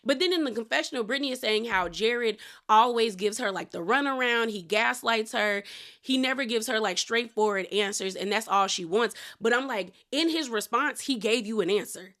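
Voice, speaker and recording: A woman talks through a reality TV recap in a casual, opinionated way, tossing in slang and "girl" asides. Her voice sits a little high and sounds bright and forceful. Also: moderate pace. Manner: chatty, opinionated, slangy, addresses people as "girl".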